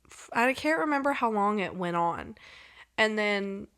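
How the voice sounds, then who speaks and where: A woman's voice: medium pitch, animated, unhurried, fairly bright tone. A young woman hosting a podcast, telling a story in a chatty way with lots of "like" fillers and reading out old text messages. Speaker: podcast host. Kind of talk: casual storytelling.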